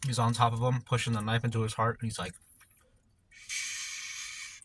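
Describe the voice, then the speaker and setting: A man's voice: medium pitch, monotone, quick pace, a little hiss or hum. A man telling a story casually while eating on camera, in a rambling, laid-back way full of slang, often trailing off mid-thought. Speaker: mukbang vlogger.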